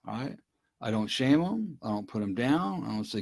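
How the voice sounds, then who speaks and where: A man's voice: mid-range voice, very animated, a little fast, creaky, a little mellow, slightly rough. A middle-aged man speaking earnestly and directly to listeners on a casual live stream from his desk at home. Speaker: recovery speaker.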